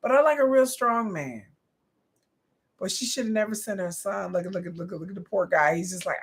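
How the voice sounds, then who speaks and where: A woman hosting a live watch party, commenting loudly, joking and swearing as she reacts to the screen. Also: mid-range voice, fairly quick, breathy edge. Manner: loud, animated, profane and joking.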